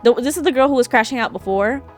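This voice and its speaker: A woman streaming a game and chatting casually, gossiping in an animated way with frequent laughter. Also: a little high, fast talker, faint music behind. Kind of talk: casual chat while gaming.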